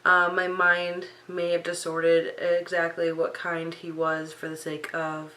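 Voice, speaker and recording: Young woman, sleep-deprived vlogger, unscripted rambling, slightly low pitch, bright tone. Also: monotone, measured pace, low-quality recording. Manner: rambling, many fillers and restarts. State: sleep-deprived, up late at night. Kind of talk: unscripted personal vlog.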